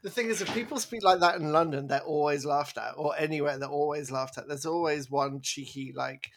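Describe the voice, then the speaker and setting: A man co-hosting a podcast in casual chat, animated and rambling, laughing as he talks. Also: on the high side, brisk. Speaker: podcast co-host.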